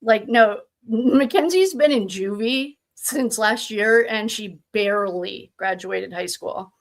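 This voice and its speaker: A woman's voice: mid-range voice, slow. A young woman casually commenting on court testimony, amused and incredulous, often laughing. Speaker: true crime commentator.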